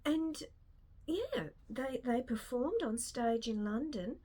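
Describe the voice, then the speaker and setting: A woman's voice: on the high side, very animated, slow, warm tone. A woman chatting casually and enthusiastically about a show she saw, rambling a little with frequent restarts. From not American. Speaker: film review vlogger. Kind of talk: casual spoken review.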